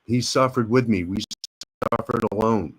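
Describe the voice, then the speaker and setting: Blunt, husky-voiced veteran man. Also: fairly low pitch, normal speed. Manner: blunt, profane, intense storytelling. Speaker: guest, Army veteran and actor. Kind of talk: casual interview talk.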